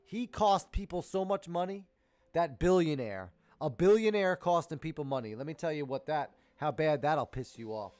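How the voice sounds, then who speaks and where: A man ranting and cursing on a trading live stream, swinging between loud outbursts and muttered asides. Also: on the high side, lively intonation, normal speed, no room sound. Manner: profane, heated, swings loud and quiet. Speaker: live-stream day trader.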